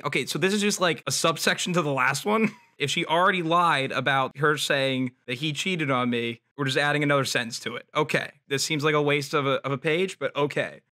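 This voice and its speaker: A man's voice: on the high side, a little fast, few pauses, pushed and bright. A man streaming live, reading a book aloud and reacting casually with wry, mocking asides, frequent laughs and casual swearing. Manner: reads text aloud then comments with frequent "like" and "I mean".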